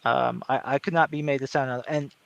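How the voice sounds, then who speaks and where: A man speaking in an articulate, measured way during a casual panel chat, with no regional accent. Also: medium pitch, steady tone, gravelly, no room sound, lo-fi sound. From American South. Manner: articulate, measured, with many fillers and restarts. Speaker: panel guest.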